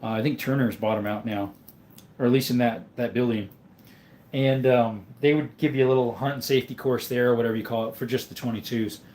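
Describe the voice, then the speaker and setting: A man from Arizona rambling casually while answering viewer comments on a livestream, his throat rough and dry, filmed on a phone on a stand. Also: mid-range voice, steady tone, fairly quick, darkish tone. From Arizona, USA. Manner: rambling, with many ums and laughs. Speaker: livestream host. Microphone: phone camera on a stand.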